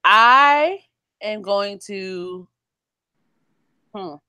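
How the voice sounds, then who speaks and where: A woman's voice: mid-range voice, lively intonation, very slow, bright, forceful tone, clean tone, no echo. A woman co-hosting a podcast in casual, playful chat, often laughing as she talks. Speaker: podcast co-host.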